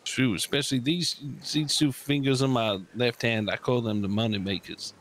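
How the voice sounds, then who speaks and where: A man's voice: medium pitch, steady tone, normal speed, a bit bright, slight background noise. A man roleplaying a Western gunslinger, talking in a laid-back drawl. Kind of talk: in-character roleplay chat.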